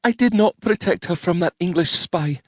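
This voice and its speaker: A male audiobook narrator voicing an earnest young Highland woman, proud and anxious, pleading in a strained, urgent voice. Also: moderate pace, no echo, clean studio sound. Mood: anguished. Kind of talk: audiobook character voice.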